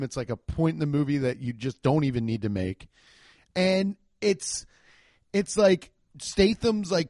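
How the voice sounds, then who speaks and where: A man's voice: fairly high pitch, darkish tone, dry recording. A man ranting about a movie in a casual, comedic way, sarcastic and profane, sounding exasperated.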